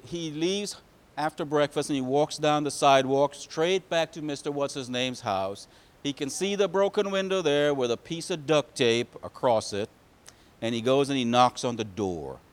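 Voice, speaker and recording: A man telling a picture-book story to children, pausing to ask them questions. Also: medium pitch. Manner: animated, asks the children questions.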